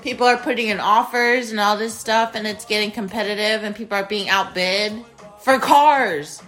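Bright-voiced chatty woman podcaster. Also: mid-range voice, normal speed, faint music behind. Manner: chatty, repeats phrases, talks straight to listeners as "you guys". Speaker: podcast host. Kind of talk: casual solo podcast monologue. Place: spare bedroom at home.

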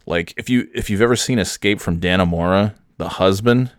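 A man's voice: low voice, a little fast, no room sound, studio quality. A man from New York telling a rambling, joking story in a casual vlog with many fillers. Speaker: vlogger.

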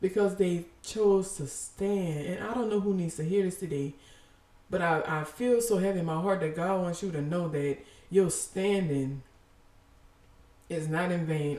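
A woman preaching a casual, passionate sermon, animated and emphatic, full of slang and repeated phrases. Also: fairly low pitch, measured pace, roomy sound, distant mic.

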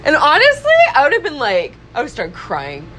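A woman's voice: medium pitch, sing-song, normal speed, fairly bright tone, slight background noise, rough recording. A young woman hosting a podcast, recapping a film in casual chat, acting out the characters' lines and laughing often. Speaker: podcast host.

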